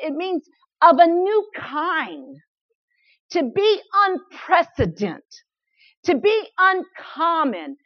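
A woman preaching a sermon in an animated way, often repeating words in quick bursts and laughing as she speaks. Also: extremely high pitch, dry recording. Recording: dull, lo-fi, dry sound.

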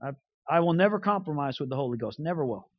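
A man preaching a sermon through a comic story, animated, shouting his punchlines and tossing in quick asides, on a dull lo-fi recording. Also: fairly high pitch.

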